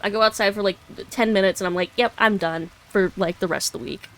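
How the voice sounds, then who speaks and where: A young woman streams a video game, offering casual gaming commentary in a quick, mid-range voice. She giggles often as she rambles and corrects herself.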